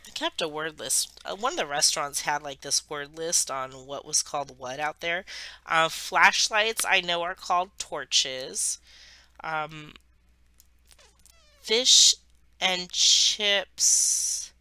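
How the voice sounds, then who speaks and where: A woman's voice: deep voice, takes it slowly, bright, forceful tone, clear, resonant tone, no room sound. A woman from the United States, hosting a craft channel and rambling chattily through a travel story while she works. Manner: rambling, chatty, self-correcting.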